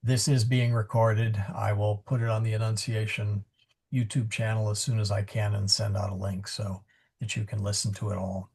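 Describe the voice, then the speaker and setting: A man gives a live Latin pronunciation class by video call, patient and explanatory, frequently self-correcting and filling pauses. His fairly low voice is husky and darkish with vocal fry, and his delivery is flat at a normal speed.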